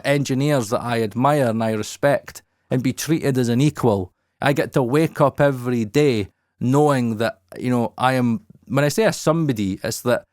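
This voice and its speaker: A man, hosting a podcast in casual talk, candid and animated with plenty of swearing, in his studio. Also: medium pitch, no echo. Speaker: podcast host.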